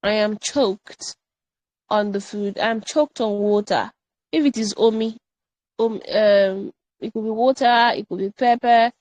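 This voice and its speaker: A woman teaching an online English grammar workshop, animated and playful, drilling example sentences again and again. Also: mid-range voice, measured pace, no room sound, poor audio.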